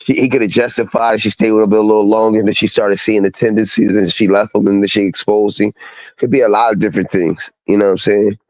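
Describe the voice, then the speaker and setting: A man's voice: lowish voice, level tone, fast, a little mellow, no room sound, low-quality recording. A male host chatting casually, rambling and leaning on fillers like "you know what I'm saying". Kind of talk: casual chat.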